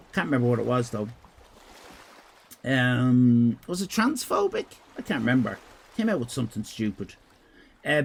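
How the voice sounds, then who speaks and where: A man's voice: mid-range voice, vocal fry, a little hiss or hum. A man with an Irish accent chatting casually on a live stream while drawing. He talks in a crude, rambling, irreverent way and reads out comments from chat. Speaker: livestreamer.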